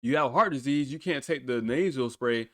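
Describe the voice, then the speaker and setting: A man's voice: mid-range voice, moderate pace, no echo, studio quality. A man hosting a podcast in a casual, blunt way, swearing freely and laughing often as he talks. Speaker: podcast host. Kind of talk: casual talk.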